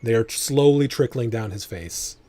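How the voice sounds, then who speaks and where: A man narrating a tabletop game as game master, descriptive and unhurried, often restarting his sentences. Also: mid-range voice, dark tone, dry recording.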